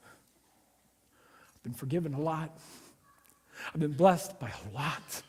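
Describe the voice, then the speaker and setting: A man preaching a Christmas Eve sermon in a church, conversational and personal, dropping to hushed lines and rising to loud, playful asides. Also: a little high, lively intonation, slow pace, husky. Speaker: pastor. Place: church sanctuary. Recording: long hall reverb of a church.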